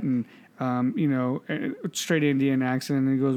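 A man's voice: mid-range voice, fairly even intonation, moderate pace, darkish tone. Swearing, laughing podcast co-host man. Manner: swears freely, laughs while telling stories. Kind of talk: casual chat.

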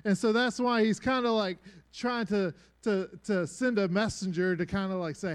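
A young man delivers a casual sermon in a clear, resonant, fairly high voice. He talks loosely, with filler words and easy humor, as if chatting with friends in the pews. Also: moderate pace. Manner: relaxed, conversational, with frequent "uh" fillers and joking asides. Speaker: preacher.

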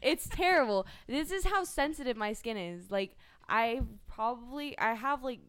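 A woman's voice: a little high, expressive, moderate pace, clear, resonant tone, dry recording. A young woman co-hosting a radio show in casual, teasing, gushing chat.

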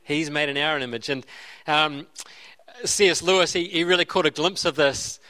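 A man's voice: fairly high pitch, normal speed, sharp tone. A man preaching a sermon in an earnest way, often repeating and restarting his phrases. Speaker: pastor.

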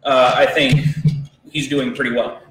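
A man playing a tabletop game, reacting with amused, quick comments. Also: medium pitch, flat delivery, a bit bright, reverberant, far from the mic, poor audio. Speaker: player. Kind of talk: casual tabletop chat.

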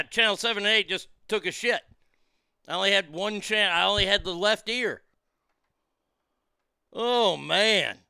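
A man's voice: high-pitched, vocal fry, sharp tone, clean tone, dry recording. A man hosting his own show, talking in a rambling, irreverent and profane way into a studio mic. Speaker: show host. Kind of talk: casual solo show monologue. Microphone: studio mic through a mixing board.

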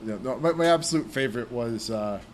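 A man's voice: medium pitch, brisk, slight background noise. A young man co-hosting a casual podcast about role-playing games, rambling with many fillers. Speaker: podcast co-host.

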